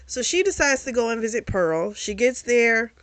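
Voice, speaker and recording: A woman giving a casual spoken recap of a novel, animated and full of fillers, with the odd swear word. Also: a little high, moderate pace, no echo. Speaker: book reviewer.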